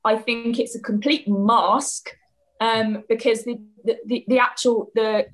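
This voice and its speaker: A woman's voice: fairly high pitch, fairly even intonation, measured pace, rough recording. Chatty woman with opinions. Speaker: podcast guest. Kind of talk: casual chat.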